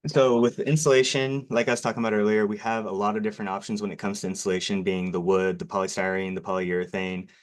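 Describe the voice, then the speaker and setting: A man's voice: on the low side, little pitch movement, quick pace, few pauses. A man giving a nervous, self-deprecating presentation about his work, with lots of fillers and apologies. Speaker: garage door company presenter. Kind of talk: local TV sales presentation.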